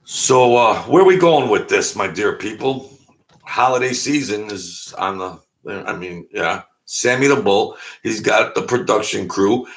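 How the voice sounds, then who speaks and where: Gravelly-voiced man rambling on his vlog. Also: on the low side, animated, a little slow. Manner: rambling, joking, self-deprecating asides. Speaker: YouTube channel host. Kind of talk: casual vlog monologue.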